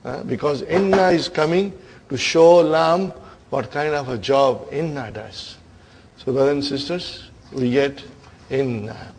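A man's voice: medium pitch, unhurried, a little hiss or hum. A man teaching an Arabic grammar class, lecturing and often checking with his students through short questions.

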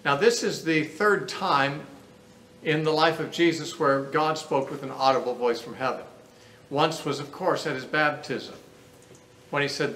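A man's voice: a little high, unhurried, a bit bright. A man teaching a Bible class, explaining scripture in an earnest lecture that reasons aloud. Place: lecture room. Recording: roomy echo with faint background noise.

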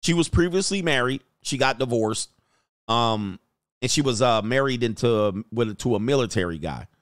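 A man hosting a dating commentary show, telling a story bluntly and jumping up in pitch when he quotes himself. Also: expressive, moderate pace, dry recording, clean studio sound. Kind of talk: casual commentary reacting to clips.

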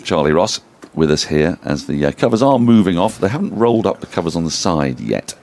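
Fast, lively English commentary host. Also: male voice, low-pitched. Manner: eager interviewer, prompts with quick questions. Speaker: radio cricket commentary host. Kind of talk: broadcast interview chat. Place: cricket ground commentary box.

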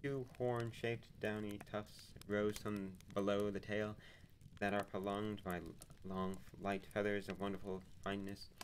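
Male narrator, lowish voice, unhurried read with small restarts. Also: flat delivery, slight background noise, rough recording. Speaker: narrator reading a novel aloud. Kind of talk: live-streamed audiobook reading. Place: home streaming setup.

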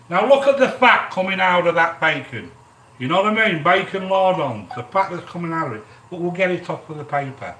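A chatty middle-aged man hosts a cooking live stream with a bright, lively, swooping voice. He keeps talking to his viewers as he works at the cooker. He is heard from a little way off in an echoey kitchen, with a quiet sizzle of frying behind him. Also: sits high, far from the mic, a little hiss or hum. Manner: chatty, talks straight to viewers, gives shout-outs. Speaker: cooking channel host. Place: home kitchen. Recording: echoey kitchen, speaker off-mic. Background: frying and sizzling in the pan.

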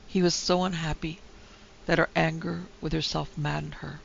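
A woman narrating a classic ghost story in a measured, dramatic way. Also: low voice, little pitch movement, creaky. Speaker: narrator and producer. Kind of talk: scripted horror story narration. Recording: dull lo-fi recording with faint hiss.

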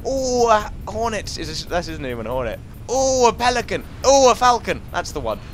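A young Englishman with a high, very animated voice talks at a normal pace, his tone a little bright, over soft background music. He's a gaming commentator doing casual let's-play commentary, joking and chatting while he talks to the enemies on screen.

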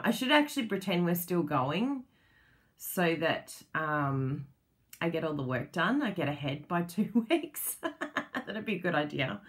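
Slow, low-voiced Australian woman chatting. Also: expressive. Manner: chatty, laughs often, sentences that wander and trail off. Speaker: crafting channel host. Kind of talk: casual livestream chat with viewers.

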